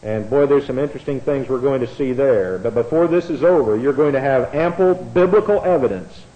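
A man's voice: mid-range voice, fairly quick, lo-fi sound. A man teaching an evening Bible study, reading verses aloud and then explaining them, often repeating key words.

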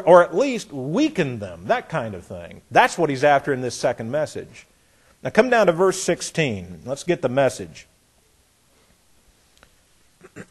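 A man's voice: on the high side, breathy edge. A man teaching a Bible lesson in a folksy, emphatic way, reading scripture and acting out the speakers. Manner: folksy, emphatic, acts out voices, chuckles.

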